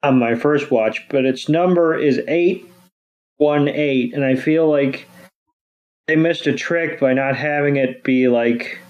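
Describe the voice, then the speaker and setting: A man co-hosting a podcast in relaxed casual chat, swearing now and then. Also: medium pitch, slow pace, dull audio. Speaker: podcast co-host.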